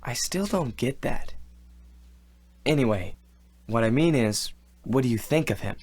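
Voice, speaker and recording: A man's voice: mid-range voice, expressive, measured pace, darkish tone, breathy edge. A man voicing a polite, earnest teenage boy detective in a video game.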